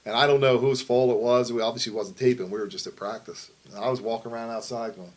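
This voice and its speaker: A man's voice: mid-range voice, steady tone, fast talker, low-quality recording. A middle-aged man telling wrestling stories in a casual interview, rambling and profane, often asking "you know what I mean". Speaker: wrestling promoter.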